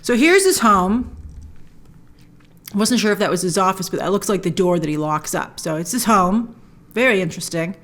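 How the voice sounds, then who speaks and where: A woman's voice: mid-range voice, expressive, moderate pace, pauses often, fairly bright tone. A woman hosting a trailer breakdown, chatting enthusiastically with lots of restarts. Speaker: host.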